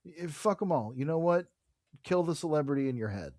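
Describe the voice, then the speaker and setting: A man co-hosting a podcast, retelling a comic book's plot in animated bursts and swearing freely. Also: on the high side, a little fast, no room sound, studio quality. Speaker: podcast co-host. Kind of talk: casual comic book discussion.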